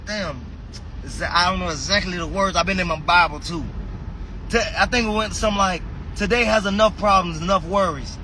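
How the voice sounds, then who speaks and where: A man giving a passionate motivational talk on a phone livestream, preachy, shifting between shouting and quiet, emotional asides. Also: high-pitched, slight background noise. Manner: impassioned, preachy, swings between shouting and soft. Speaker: fitness motivational speaker.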